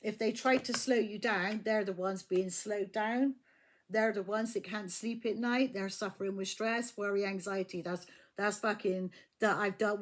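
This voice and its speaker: A woman's voice: mid-range voice, fairly even intonation, normal speed. A woman giving a casual tarot reading, blunt and profane, often repeating her phrases. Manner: blunt, swears freely, repeats herself. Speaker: tarot reader.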